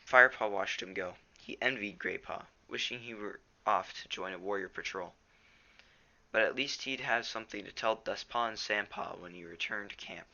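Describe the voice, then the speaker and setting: A man's voice: lowish voice, moderate pace, bright, forceful tone, highs cut off. A teenage boy reading a novel aloud at home, plainly, with small stumbles. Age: teens. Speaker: reader.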